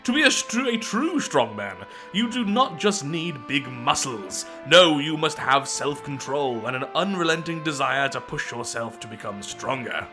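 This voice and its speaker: A man's voice: a little high, expressive, moderate pace, hardly any pauses, music in the background, close to an everyday voice. A man doing a pompous accented strongman. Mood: lecturing. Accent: odd put-on foreign accent. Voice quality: pompous, formal. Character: vain muscle-proud male strongman.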